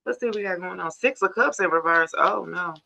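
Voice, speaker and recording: A woman's voice: lowish voice, brisk, gravelly, bright, forceful tone. A woman hosting a casual live tarot reading, chatting straight to viewers and calling them y'all, on dull lo-fi stream audio.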